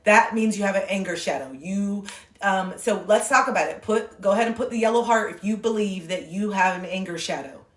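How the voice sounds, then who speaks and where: Animated, profane woman livestreaming in a roomy space. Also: mid-range voice, fairly quick, recorded from a distance. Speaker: livestream host. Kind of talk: casual livestream chat. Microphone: phone.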